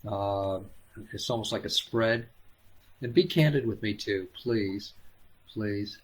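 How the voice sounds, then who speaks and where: A man hosting a live healing stream, talking gently and haltingly with many fillers, coaxing viewers by name. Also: lowish voice. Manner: coaxing, addresses viewers by name and calls them hon. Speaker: spiritual healer hosting a live Q&A.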